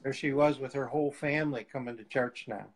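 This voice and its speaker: Man telling lively mission stories. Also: medium pitch, fairly quick, low-quality recording. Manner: lively storyteller, laughs often, acts out quotes. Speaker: guest missionary evangelist. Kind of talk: casual testimony storytelling.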